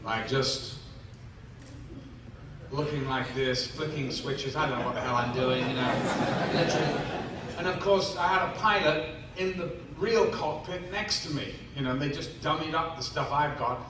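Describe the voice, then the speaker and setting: Taking fan questions on a convention hall stage, an actor pokes fun at himself in a story and imitates the voices of those involved. His slightly high voice moves at a moderate pace, heard through a distant mic amid background noise and hall echo.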